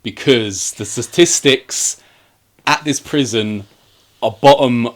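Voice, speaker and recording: Casting: man, mid-pitched, lively storyteller for a casual film podcast. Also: slow pace. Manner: animated retelling, acts out quoted lines. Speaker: podcast co-host reviewing films. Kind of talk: casual film review chat.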